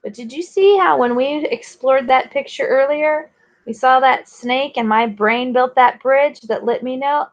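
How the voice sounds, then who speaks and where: A woman teacher leading an online reading lesson for young children, sounding out letters clearly and praising her readers. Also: high-pitched, unhurried. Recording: dull lo-fi recording.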